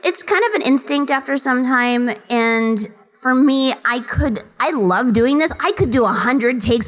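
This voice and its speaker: A woman's voice: on the high side, poor audio. Chatty woman voice actor on a panel. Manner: chatty, rambling with tangents. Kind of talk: convention panel talk. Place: convention hall.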